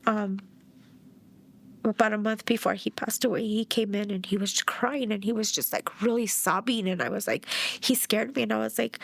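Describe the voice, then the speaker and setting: A woman's voice: on the high side, fairly even intonation, a little fast, gravelly. A middle-aged woman from New Mexico, a bereaved mother giving documentary interview testimony in a plainspoken way and acting out past dialogue.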